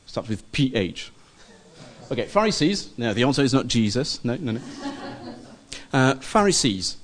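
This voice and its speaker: A man teaching a church study class in a loose, informal lecture, pausing often with ums and asking "okay?" to check in with the group. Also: medium pitch, very animated. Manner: hesitant, many ums and checking okays.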